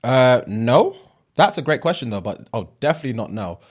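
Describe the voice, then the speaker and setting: A young man chats on a casual podcast, earnest and musing. He repeats his points, and his pitch rises and falls freely around a middle height. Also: big pitch swings, fairly quick, breathy edge. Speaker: podcast co-host. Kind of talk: casual banter.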